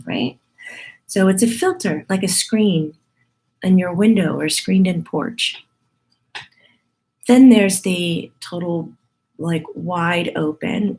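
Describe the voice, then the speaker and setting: Husky-voiced woman teaching, chatty. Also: on the low side, a little mellow. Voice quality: husky morning voice. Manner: chatty, laughing, playful asides. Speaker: spiritual medium teaching a group. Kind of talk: casual spiritual teaching talk.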